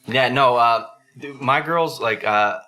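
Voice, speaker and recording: A man co-hosting a casual podcast who tells crude stories with lots of swearing and laughter, and jumps into a high squeaky voice to act out other people. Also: slow pace, pushed and bright. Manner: laughs often, swears freely. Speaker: podcast co-host.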